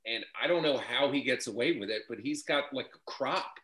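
A man talks with a bright, clear tone. He stumbles and restarts his sentences often, like a guest easing into a relaxed conversation. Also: mid-range voice. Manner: halting, many restarts and fillers. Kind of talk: casual chat.

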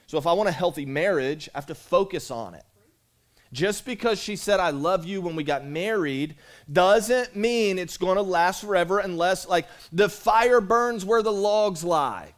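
Male pastor, slightly high voice, relaxed conversational sermon style with call-outs. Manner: conversational, repeats himself, calls out to the congregation. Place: church sanctuary.

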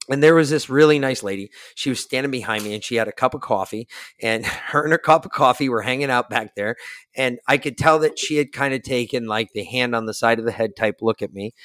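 A blunt man hosts a podcast and spins a profane story, acting out each side of the exchange. His voice sits at an ordinary middle pitch, and the sound is close and dry with no room around it. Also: a little fast, fairly bright tone, no room sound. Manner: blunt, profane, acts out quoted dialogue. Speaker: podcast host. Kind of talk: casual storytelling chat.

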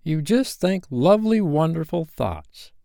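A man's voice: fairly high pitch, lively intonation, a little slow, creaky, warm tone, no room sound, clean studio sound, pitched above the performer's own voice. A man voicing a cocky, boastful boy who can fly, in an imperious and eager manner for a storybook reading.

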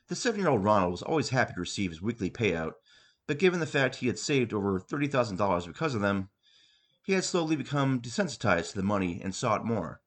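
A man's voice: fairly low pitch, very animated, fast talker. Man reading his own comic story. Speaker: podcast host and author.

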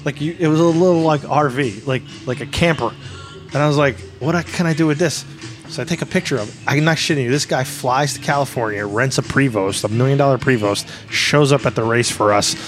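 Guy cohosting a podcast from a pub, mid pitch, rambly stories, bit of music behind. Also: a little fast. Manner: rambling storyteller, animated quoting. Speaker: podcast co-host. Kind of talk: casual chat. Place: Irish pub booth.

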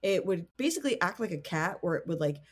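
A woman's voice: on the low side, sing-song, fast talker. A woman co-hosting a podcast who retells a spooky story in a chatty, casual way, dropping lots of "like" fillers. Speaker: podcast co-host.

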